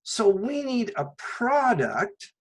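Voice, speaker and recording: A man's voice: very high voice, wildly swooping pitch, slow, poor audio. A man teaching a math lecture, explaining step by step with a patient manner and often asking rhetorical questions before he answers them. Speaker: math instructor. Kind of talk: recorded classroom lecture.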